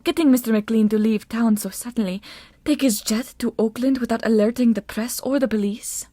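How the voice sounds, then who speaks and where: A woman's voice: a little high, normal speed, warm tone, no echo, lightly acted. Audiobook villain: a sneering sorceress, read by a woman, condescending, dry close sound. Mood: silky scheming. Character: haughty scheming sorceress woman, mocking.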